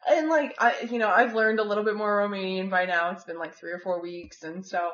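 Speaking fairly quickly, a woman with a mid-range, steady, fairly bright voice recalls her time as a volunteer living with a host family. She rambles casually and leans on "like" and "you know," and the room recording sounds dull and echoey.

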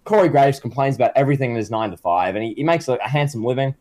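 A man's voice: medium pitch, expressive, very fast, darkish tone. A man co-hosting a casual comedy podcast. He rambles and jokes, with lots of fillers. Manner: rambling, filler-heavy, joking. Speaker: podcast co-host.

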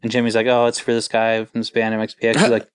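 A man in his forties, a touring band guitarist, telling stories in a relaxed, rambling interview with lots of filler words. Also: mid-range voice, fast talker, smooth, no room sound. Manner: rambling, laid-back, full of filler words. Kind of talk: casual interview storytelling.

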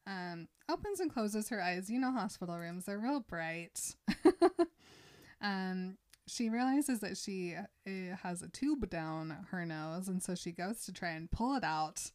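A woman hosting a casual podcast, retelling a novel's scenes in a chatty way and quickly voicing the characters' lines. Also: lowish voice, lively intonation, darkish tone. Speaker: podcast host recapping a book. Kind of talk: casual book recap chat.

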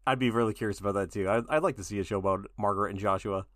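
A man's voice: lowish voice, very fast, dry recording, clean studio sound. A man co-hosting a casual chat, playful and laughing often. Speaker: podcast co-host.

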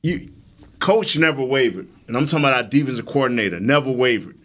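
A man co-hosting a sports talk show who speaks emphatically and gives shout-outs to players. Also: medium pitch, lively intonation, fast.

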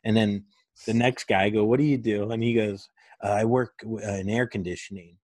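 A man's voice: lowish voice, steady tone, a little fast, a little mellow, no echo. A male comedian hosting a casual podcast, spinning a long rambling story full of swearing. His voice is recorded dry and close, with no room sound around it.

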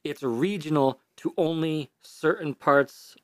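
A man's voice: fairly high pitch, slow pace, no room sound, clean studio sound. Blunt, ranting man with a New York accent. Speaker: podcast co-host. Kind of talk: casual podcast chat. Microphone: desk microphone.

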